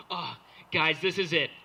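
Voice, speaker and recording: Slow and creaky yet pushed and bright, this young adult's fairly high voice carries a stand-up set over slight background noise. Playing to a live audience, he rambles, mocks himself and jumps into goofy character voices.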